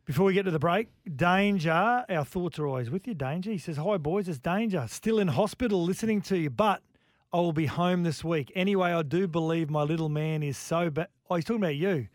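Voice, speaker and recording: A man's voice: a little high, brisk, no room sound. A man hosting a sports radio show, chatting casually and reading out listener texts.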